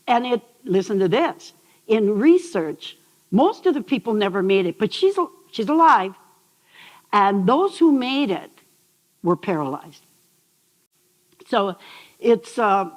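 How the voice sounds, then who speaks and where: An older woman, a behavioral psychologist, telling stories on stage and asking the audience questions in a lively talk. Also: mid-range voice, in a large hall, poor audio. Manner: animated storyteller, asks the audience questions. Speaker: speaker. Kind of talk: TEDx talk. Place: large hall on stage.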